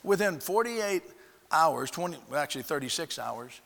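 A man's voice: a little high, moderate pace, vocal fry. Male preacher telling a story in a reverberant hall. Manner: animated storyteller acting out dialogue, frequent restarts. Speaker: pastor. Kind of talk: storytelling sermon.

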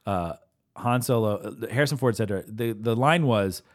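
Guy on a podcast going off about movies, lowish voice, rambles w lots of restarts. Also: moderate pace. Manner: enthusiastic, rambling storytelling with fillers and restarts. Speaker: podcast co-host. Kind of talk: casual chat about films.

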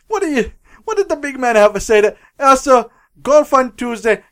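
A man's voice: very high voice, lively intonation, normal speed, fairly bright tone. A man doing a fretful Italian Pope. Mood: pleading. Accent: put-on exaggerated Italian. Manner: broken English, pleading, giggling through it. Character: fretful 1980s Italian Pope, old man, always calling for advice.

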